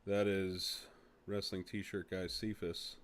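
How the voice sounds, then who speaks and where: Low-voiced man rambling through podcast chat. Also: level tone, slow. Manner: easygoing, rambling storyteller with fillers. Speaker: podcast co-host. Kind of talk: casual chat.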